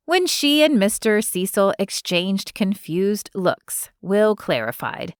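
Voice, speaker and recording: Audiobook narrator, woman, even measured read, dry close mic. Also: mid-range voice, dry recording. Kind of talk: scripted narration.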